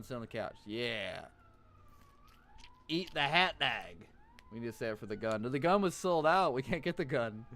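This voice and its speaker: Male streamer, live gameplay commentary, lively pitch, profane jokes, reads game text aloud. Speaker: streamer playing a horror game.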